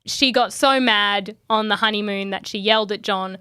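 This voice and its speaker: Aussie woman co-hosting a podcast, bright voice, dry close mic, wry and giggly. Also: medium pitch, moderate pace, hardly any pauses, smooth, no echo. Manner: wry, laughing as she reads. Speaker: podcast co-host. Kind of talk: scripted podcast chat.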